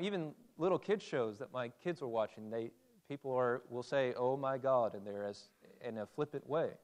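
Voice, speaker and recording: A man preaching a conversational Bible sermon, asking his listeners questions and reading scripture aloud. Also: medium pitch. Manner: conversational, asks the audience questions.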